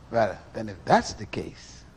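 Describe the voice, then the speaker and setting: Middle-aged male preacher, animated sermon, rhetorical questions, lively pitch. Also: slightly rough.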